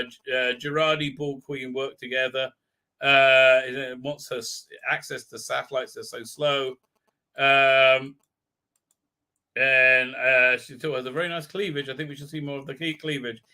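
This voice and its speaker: A man's voice: medium pitch, fairly even intonation, measured pace, bright, forceful tone. A man hosting a live stream, recapping an episode in a rambling, irreverent way with lots of fillers. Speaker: show host.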